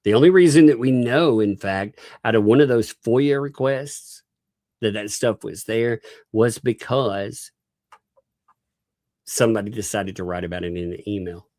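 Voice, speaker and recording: A man's voice: fairly low pitch, unhurried, a little mellow, dry recording, studio quality. A man with a Southern US accent hosting a casual livestream, laughing often and reading viewer messages aloud. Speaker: livestream host.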